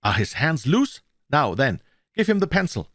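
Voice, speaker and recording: Sinister older kidnapper, put on by a German man, raised lively voice, menacing, dry close sound. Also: fairly high pitch, moderate pace, dry recording, pitched above the performer's own voice. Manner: menacing, sneering threats.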